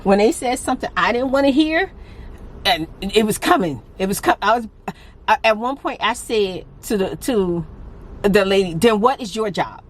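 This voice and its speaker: A woman's voice: mid-range voice, expressive, normal speed. Frustrated woman venting in a vlog. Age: adult with a grown daughter. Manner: talkative and frustrated, venting with laughs. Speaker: vlogger. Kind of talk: casual vlog talk.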